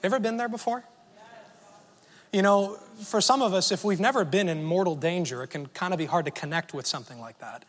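In a big-room sound, a high-voiced man speaks a little fast while preaching. He shares a personal story conversationally and keeps posing questions to his audience.

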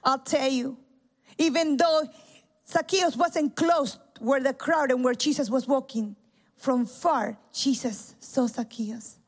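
A woman preaching a sermon at a church service, impassioned, swinging from loud cries to hushed tones. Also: high-pitched, takes it slowly.

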